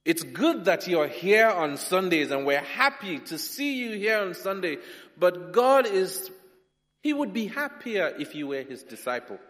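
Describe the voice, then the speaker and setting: A man from Nigeria, preaching a sermon with humour, swinging between loud and soft. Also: high-pitched, very animated, a little slow. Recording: long hall reverb.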